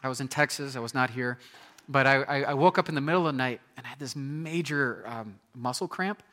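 A man in his thirties preaching a sermon, telling a personal story with animated storytelling and acting out scenes with sudden loud outbursts. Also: medium pitch, fairly quick. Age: 30s. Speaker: pastor.

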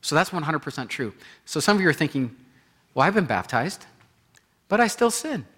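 A man preaching a sermon in an animated way, acting out inner voices and repeating phrases for emphasis. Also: a little high, moderate pace. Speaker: pastor.

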